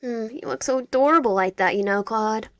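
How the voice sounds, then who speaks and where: A soft, possessive young yandere man from a visual novel murmurs his creepy devotion in a close, intimate monologue, read out by a woman with a fairly high voice. The sound is dry, with no room echo. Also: a little fast, natural voice. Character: obsessive young male yandere, softly possessive.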